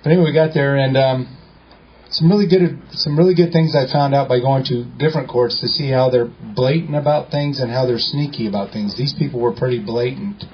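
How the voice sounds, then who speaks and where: A man's voice: mid-range voice, steady tone, fairly quick, highs cut off, slight background noise. A man telling a story to a live group in a joking, colloquial way, acting out the dialogue. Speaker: speaker at a meeting.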